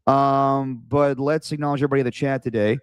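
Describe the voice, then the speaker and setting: A man's voice: medium pitch, fairly even intonation, quick pace, clean tone, no room sound, lo-fi sound. Casting: male sports podcast host, casual storyteller, dry close sound. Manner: laid-back, chatty storytelling.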